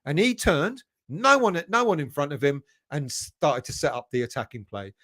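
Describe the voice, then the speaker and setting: A man's voice: a little high, expressive, moderate pace, a bit bright. A man hosting a football fan live stream, casually chatting, reading viewer comments aloud and greeting them by name with a chuckle. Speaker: football fan channel host.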